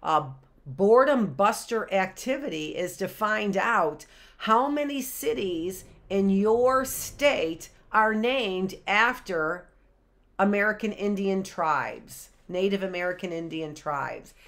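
A woman's voice: mid-range voice, lively intonation, takes it slowly, a bit bright. A woman, a teacher reading a picture book aloud to young children on a livestream and wandering into chatty asides and questions.

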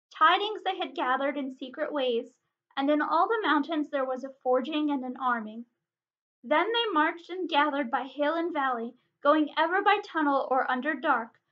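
Bright-voiced woman reading a storybook aloud. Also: high-pitched. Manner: expressive, dramatic reading. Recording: dull lo-fi recording.

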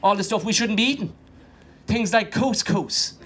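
A man's voice: sits high, normal speed, background noise. A young Irish man doing a stand-up comedy set. He talks with energy, swears freely and acts out the voices of the people in his stories. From Ireland.

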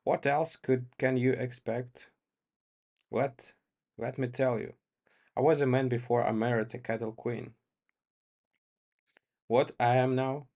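A proud, resentful ranch husband with a slow, sardonic way of speaking, as a man reads him. His lines come at an unhurried pace and a middling pitch, as in a storybook read aloud. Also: level tone, a little mellow. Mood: bitter.

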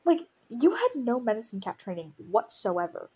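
Woman reading aloud with commentary, husky, animated, laughs at the text. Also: a little high, normal speed. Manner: breaks off to laugh and react to the story. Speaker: audiobook reader of a fan story.

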